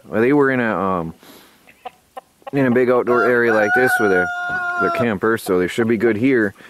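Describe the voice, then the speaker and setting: A man's voice: medium pitch, normal speed, very noisy. A man vlogging from his snowy homestead, chatting in a rambling, casual way and sometimes out of breath from the cold and hauling firewood. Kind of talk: casual vlog narration. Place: outdoors in snow at a homestead. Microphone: handheld camera mic.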